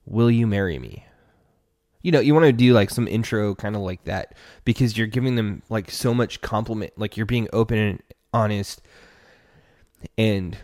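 A man's voice: on the low side, a little mellow, dry recording, studio quality. A man hosting a relationship podcast, giving earnest, casual advice straight to the listener.

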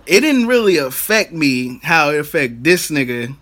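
A man's voice: a little high, very animated, moderate pace, a bit bright. A man in casual chat, laid-back and slangy, swearing freely.

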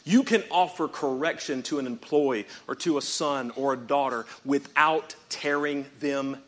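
A man pastor preaching a sermon in church, swinging from quiet reading up to shouted, rhythmic repeated phrases and calling out to the congregation. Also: medium pitch, unhurried. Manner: calls out to the congregation.

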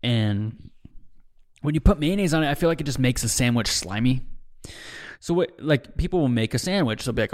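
A young man rambles through a loose solo podcast monologue in an ordinary mid-pitched voice. He swears often and drops "dude" and "bro" into nearly every thought, drifting from one gripe to the next. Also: sing-song, fairly quick. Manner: profane, rambling, says "dude" a lot. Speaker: podcast host. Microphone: desk mic, seen drinking on video.

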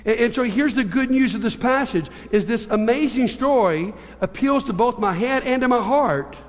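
High-voiced man preaching in a hall. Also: moderate pace. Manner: animated storyteller, shifting between hushed and emphatic. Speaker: pastor. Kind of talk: sermon with storytelling.

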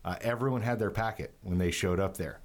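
Low-voiced man explaining plainly. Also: fairly quick. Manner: matter-of-fact, explanatory, with restarts. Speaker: course instructor. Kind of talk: casual chat.

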